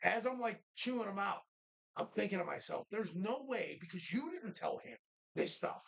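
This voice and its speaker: A man co-hosting a live show from a bar, telling stories in an animated, casual way and swearing freely. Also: high voice, normal speed, creaky. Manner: animated storytelling, heavy swearing. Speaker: co-host.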